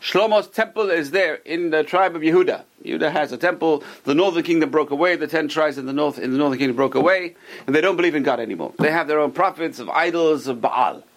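A man's voice: on the high side, quick pace. A man teaching a Torah class to a small group, telling stories with animation and putting questions to his listeners.

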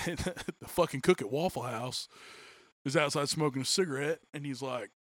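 A man's voice: a little high, moderate pace, dry recording, studio quality. A man telling profane stories in a casual chat, acting out the quotes. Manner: profane, animated storytelling with acted-out quotes.

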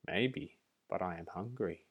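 A man's voice: deep voice, unhurried, vocal fry, lo-fi sound, full character voice. A man voicing a hungry, defiant little female bee grub who pleads and insists, in a storybook reading. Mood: insistent.

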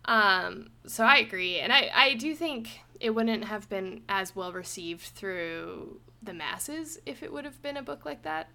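A young woman hosting a casual book review podcast, animated and quick to laugh, with lots of "like" fillers. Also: mid-range voice, vocal fry. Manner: animated, laughs often, says "like" a lot. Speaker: podcast host.

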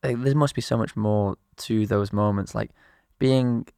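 A man's voice: on the low side, steady tone, a little slow, creaky, a little mellow, clear, resonant tone, no echo, studio quality. A man hosting a podcast, interviewing his guest in laid-back, friendly banter. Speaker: podcast host. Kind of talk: casual interview chat.

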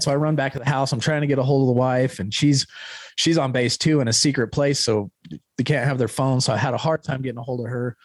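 A man in his thirties, a podcast guest, telling a raw, rambling personal story about recovery and his son's accident, breaking into shouted quotes now and then. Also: mid-range voice, steady tone, fairly quick, low-quality recording.

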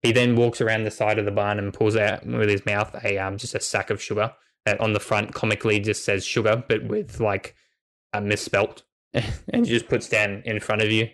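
A man narrating a tabletop game as game master, relaxed and hesitant, with many ums. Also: fairly low pitch, moderate pace.

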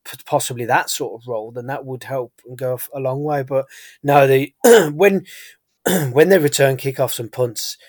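A man's voice: mid-range voice, normal speed, a little mellow, dry recording, studio quality. A man with a British accent, co-hosting a casual sports podcast, chatty and rambling with frequent fillers and restarts. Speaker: podcast co-host.

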